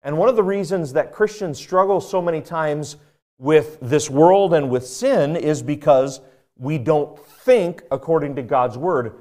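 Male pastor mid-sermon, slightly high voice, emphatic, drops to quiet asides. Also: unhurried. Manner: emphatic, repeats key phrases, asks the congregation questions.

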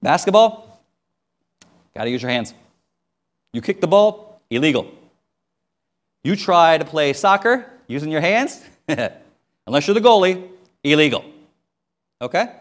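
A man preaching a sermon as a missionary, telling stories with sudden swings between loud and quiet. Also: fairly high pitch, big pitch swings, unhurried, long pauses.

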